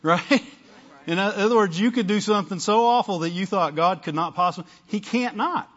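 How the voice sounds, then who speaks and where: A man's voice: sits high, moderate pace, fairly bright tone. Man preaching on a dull lo-fi recording. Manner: conversational preaching, frequent "amen?" and "right?" to the congregation. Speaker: pastor. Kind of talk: sermon.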